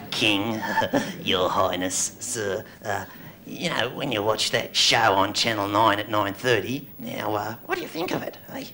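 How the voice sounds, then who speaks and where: A man voicing a cheeky male crow puppet that teases slowly and with mock respect. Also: on the low side, very animated, pushed and bright, a little hiss or hum, exaggerated voice. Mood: teasing. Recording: old TV broadcast with studio crowd.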